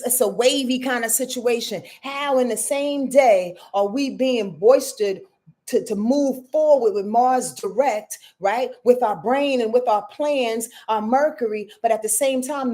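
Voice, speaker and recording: A woman's voice: fairly high pitch, measured pace, mellow. Emphatic preachy woman astrologer. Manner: emphatic and preachy, repeats phrases for effect; talks straight to viewers with "y'all", affectionate. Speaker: astrologer and show host. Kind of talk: live-streamed weekly astrology forecast.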